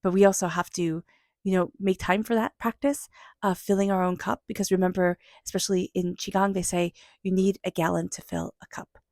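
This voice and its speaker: A woman with a lowish voice and a gravelly, fry-laced texture reads tarot cards aloud. She sounds earnest and reflective, speaking straight to her viewers, and her voice is close and dry with no room sound. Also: fairly even intonation, brisk, darkish tone, dry recording. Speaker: tarot reader. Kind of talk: intuitive tarot reading.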